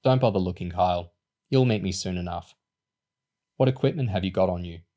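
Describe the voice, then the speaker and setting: A man's voice: deep voice, fairly quick, mellow, lightly acted. A man voicing a sinister woman who gives cold orders over the phone.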